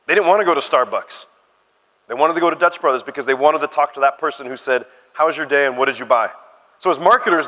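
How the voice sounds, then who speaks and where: A man's voice: mid-range voice, pushed and bright. A middle-aged man from Arizona with an American accent, giving a conference talk in a chatty storytelling way with asides to the audience. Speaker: conference speaker. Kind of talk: keynote talk. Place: conference hall. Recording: reverberant conference hall.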